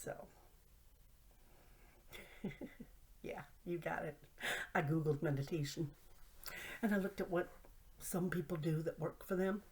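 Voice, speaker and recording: A middle-aged woman with a fairly low voice tells humorous stories about herself. Her delivery is playful and self-mocking, and she slips into whispered asides. She sounds like she is gently teasing herself. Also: takes it slowly, long pauses. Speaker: host. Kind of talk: humorous storytelling monologue.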